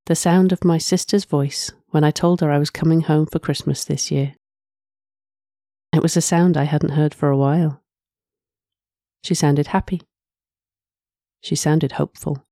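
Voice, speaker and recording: A woman reads a first-person story aloud in a soft, reflective way, often sighing between lines. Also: deep voice, fairly even intonation, moderate pace, no room sound, studio quality. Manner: soft, reflective, with frequent sighs. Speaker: narrator.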